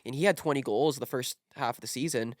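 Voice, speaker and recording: A man's voice: mid-range voice, fast, no room sound, studio quality. A young man telling a casual story with lots of fillers, acting out quotes. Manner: animated, filler-heavy, acts out quotes. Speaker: podcast guest, content creator.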